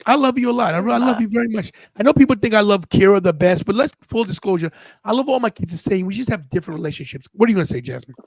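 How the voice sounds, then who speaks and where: A man's voice: sits high, lively intonation, racing, gravelly, dry recording, poor audio. A man in his fifties hosting a podcast, telling a personal story in an earnest, casual way and often restarting his sentences. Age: 50s. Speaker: podcast host.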